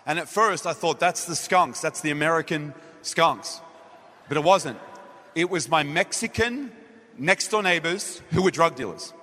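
Bright-voiced Australian man preaching. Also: a little high, measured pace. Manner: animated storytelling, acting out his own dialogue. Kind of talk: sermon. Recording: echoey hall.

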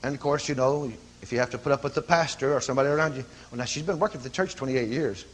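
A man preaching a sermon, telling a story and rising from quiet telling to loud commanding cries. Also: mid-range voice, very fast, slight background noise.

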